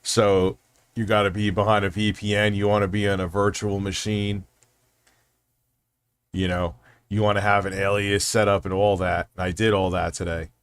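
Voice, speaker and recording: A man's voice: on the low side, flat delivery, normal speed, smooth, dry recording. A man hosting a casual livestream, rambling and swearing freely while reading out chat messages. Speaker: livestream host.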